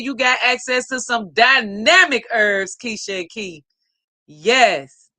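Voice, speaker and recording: A woman's voice: sits high, pushed and bright, no echo. A woman hosting a casual live stream, reading viewer comments aloud in an upbeat, effusive way.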